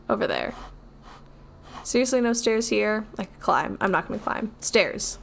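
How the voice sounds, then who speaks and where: A woman's voice: mid-range voice, big pitch swings, moderate pace, vocal fry, slight background noise. A woman streamer giving casual commentary while she plays a game. She talks in a jokey, self-mocking way and pokes fun at herself as she goes. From Seattle, US.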